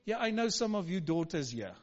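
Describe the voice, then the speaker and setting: Very animated and fairly quick, a middle-aged pastor with a high voice delivers a sermon in a church hall. He drives emphatic call-and-response, urging his congregation to reply, captured in a dull recording full of long hall reverb.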